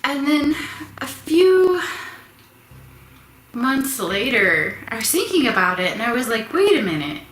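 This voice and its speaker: A woman vlogger telling a personal story in a casual, animated, chatty way, asking her viewers questions. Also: high voice, slow pace, pauses often, slight background noise. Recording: echoey room.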